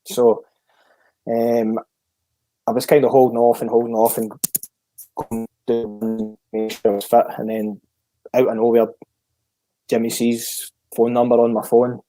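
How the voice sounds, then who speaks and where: Scottish man telling a story, mellow dry voice. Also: mid-range voice, unhurried, pauses often, no echo, faint music behind. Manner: lively storyteller who acts out the dialogue he retells. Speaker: guest, former footballer. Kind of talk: casual storytelling.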